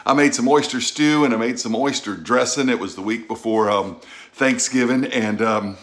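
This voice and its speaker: Folksy and talkative, a middle-aged food vlogger from Louisiana tastes and unboxes food in his own video, punctuated by animated outbursts in his Southern accent. His voice is medium-pitched and moves at a normal speed.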